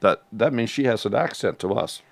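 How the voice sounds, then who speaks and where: A man's voice: fairly low pitch, expressive, brisk, gravelly. A man co-hosting a casual livestream, making folksy, musing asides. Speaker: co-host of a homestead livestream. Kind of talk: casual live chat.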